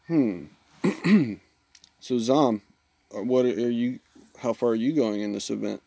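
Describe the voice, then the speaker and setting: A man's voice: medium pitch, slow, vocal fry, pauses often, warm tone, slightly rough. A man, chatting casually with viewers while streaming a mobile game. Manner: laid-back, chatty, self-teasing. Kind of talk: casual live-stream chat.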